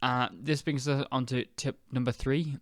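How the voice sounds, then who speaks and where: A young British man hosting an English-learning podcast, speaking slowly and clearly in a chatty, relaxed way with fillers. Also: mid-range voice, no room sound, clean studio sound. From United Kingdom. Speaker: podcast host and English teacher. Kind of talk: casual spoken lesson.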